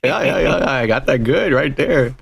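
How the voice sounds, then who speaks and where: A man's voice: medium pitch, lively intonation, moderate pace, creaky, breathy edge. A man hosting a podcast in crude, profane casual chat, reading listener comments aloud and joking with his co-host.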